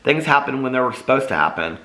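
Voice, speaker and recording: A man's voice: mid-range voice, very animated, fast talker, pushed and bright, echoey room. A man voicing a loving, wistful uncle who speaks with heartfelt tenderness.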